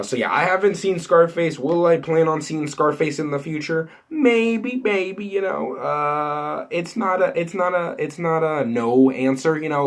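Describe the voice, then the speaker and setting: A man chats loosely with his viewers about movie news, circling back on his sentences and leaning on fillers as he goes. His delivery is casual and unscripted, like someone thinking out loud to the camera. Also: on the high side. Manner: rambling, many fillers and restarts, lots of "you know" and "like". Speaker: entertainment news vlogger.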